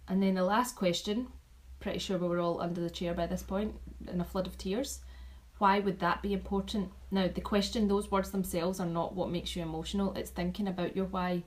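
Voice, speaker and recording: A woman talking casually to her team, chatty and animated, repeating herself and restarting sentences as she shares notes from an event. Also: on the low side, moderate pace, rough recording. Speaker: vlogger sharing event takeaways.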